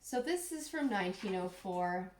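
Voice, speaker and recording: A woman's voice: mid-range voice, animated, moderate pace, darkish tone, reverberant, slight background noise. A woman co-hosting a casual podcast, reading lines from old books and swearing freely as she jokes. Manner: swears freely, bursts into laughter. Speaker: podcast co-host.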